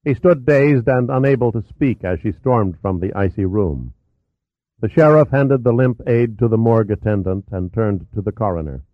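A man reading a novel aloud as an audiobook narrator, in a steady, even way. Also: lowish voice, moderate pace, no echo. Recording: tinny narrow-band audio.

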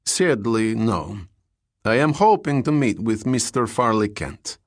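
A man's voice: fairly low pitch, animated, a little slow, no room sound, studio quality. A man voicing a young male Russian naval officer with a heavy Russian accent, polite and formal in broken English.

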